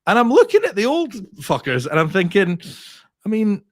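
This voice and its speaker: A Scottish man tells a story in casual chat, his voice sitting a little high and swinging widely as he goes. He swears freely and keeps the tale moving. The sound is dry and close. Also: moderate pace, no echo. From Scotland. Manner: animated, sweary anecdote telling. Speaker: comedian guest.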